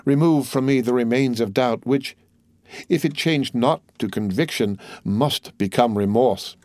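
A man's voice: medium pitch, unhurried, a little mellow, no room sound, studio quality, lightly acted. A man voicing a proud, grieving count who speaks in solemn, formal tones. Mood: solemn prayer.

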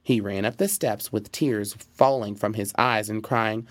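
A man narrating a fairy tale in a measured, expressive storybook reading. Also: on the low side, no echo.

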